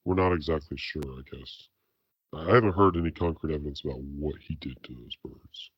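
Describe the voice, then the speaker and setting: A man co-hosting a casual podcast, delivering absurd claims in a deadpan, halting way. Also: extremely low pitch, husky, dry recording, highs cut off. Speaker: podcast co-host. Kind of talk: casual chat.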